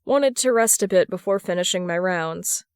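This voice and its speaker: A woman's voice: on the low side, normal speed, clean tone, dry recording, close to an everyday voice. A woman reading the part of a tired, sick young man who stubbornly waves off concern, in a dry, close recording. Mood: dismissive. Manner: dismissive, insisting.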